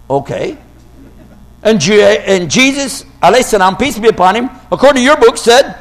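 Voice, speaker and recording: A man giving an argumentative religious talk, quoting scripture dramatically and at times shouting. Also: high-pitched, lively intonation, moderate pace. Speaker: Islamic preacher.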